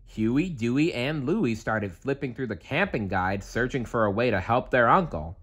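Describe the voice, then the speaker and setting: A man reading a children's bedtime story aloud in a calm, measured way. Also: mid-range voice, husky. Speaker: storybook reader.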